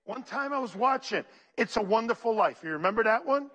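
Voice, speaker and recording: A pastor with a very high voice preaches briskly, calling out to his congregation and reading scripture aloud. His manner is animated and preacherly throughout the sermon.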